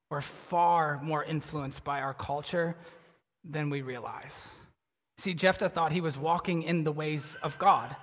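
Male pastor delivering a sermon; bright, forceful tone, reverberant sanctuary sound. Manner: animated storytelling, drops to a low somber tone.

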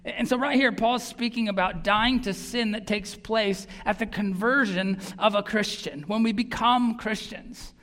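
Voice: mid-range voice, steady tone, a little slow, hardly any pauses, a bit bright. Earnest preacher in a reverberant hall. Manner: earnest, emphatic preaching with repeated words. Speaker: pastor. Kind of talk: sermon. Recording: long reverb of a large hall.

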